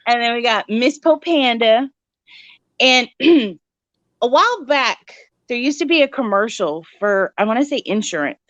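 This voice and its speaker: A woman co-hosts a podcast in casual chat with a high, lively voice that swoops as she tells stories. She acts out little voices and laughs often. The recording is dry and a bit muffled. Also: a little slow, dry recording. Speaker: podcast co-host.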